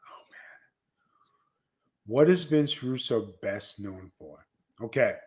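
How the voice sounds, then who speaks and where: Animated storytelling man, New York accent. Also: medium pitch, slow pace. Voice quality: animated storyteller who acts out quoted dialogue. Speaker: podcast host and former wrestler. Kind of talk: casual storytelling chat.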